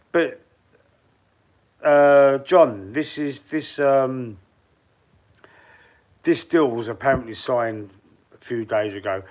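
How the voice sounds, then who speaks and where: A Cockney man from the East End talks loosely to his viewers on a live stream and calls them by name. His talk rambles, with restarts and asides, and it stays casual from start to finish. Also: medium pitch. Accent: East End London (Cockney). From London, East End. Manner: speaks straight to chat viewers by name. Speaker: football fan live streamer. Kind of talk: casual live stream chat, reading out comments.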